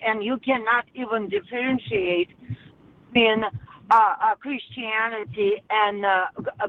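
Kobieta dzwoniąca przez telefon, wolno i z wahaniem. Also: female voice, fairly high pitch. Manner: halting, many fillers and restarts. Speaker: caller. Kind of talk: phone-in comment. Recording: tinny phone line.

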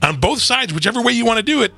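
A man's voice: very high voice, expressive, rapid-fire, vocal fry, bright, forceful tone, husky, no room sound. A man co-hosting a casual political talk show, sarcastic, often restarting with repeated words.

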